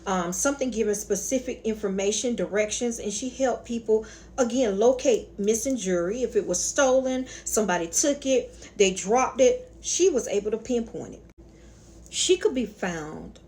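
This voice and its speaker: A woman's voice: medium pitch, darkish tone, a little hiss or hum. A woman with a Southern accent hosting her own spiritual channel, telling a story in a sassy, colloquial way and calling her viewers honey and y'all. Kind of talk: casual storytelling lecture.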